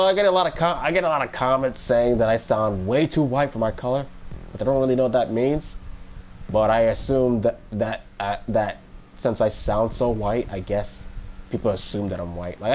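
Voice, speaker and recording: A man's voice: medium pitch, lively intonation, normal speed, a little mellow, a little hiss or hum. A man in his twenties from Florida chatting casually on a stream, rambling and joking with many restarts. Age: 20s. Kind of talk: casual live-stream chat.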